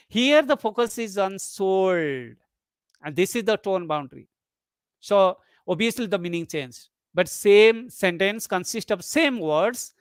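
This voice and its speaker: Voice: medium pitch, no room sound. Dry-voiced lecturer explaining intonation patterns. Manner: explanatory, repeats example sentences slowly to demonstrate intonation. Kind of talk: online webinar lecture.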